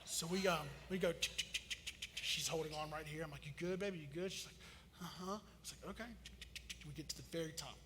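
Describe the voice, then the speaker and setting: A man, preaching and telling a story, acting out quotes with big swings in loudness. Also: fairly high pitch, fast talker, noisy background. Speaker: pastor. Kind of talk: sermon storytelling. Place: church auditorium. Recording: church hall reverb.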